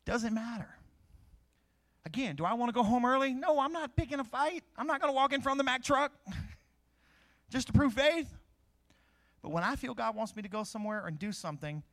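A man's voice: sits high, a bit bright. A middle-aged man preaching a sermon, asking questions and answering them himself.

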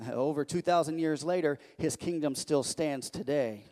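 A man preaching a sermon as pastor, emphatic and repetitive, building to loud declarations. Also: a little high, unhurried. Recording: echoey hall.

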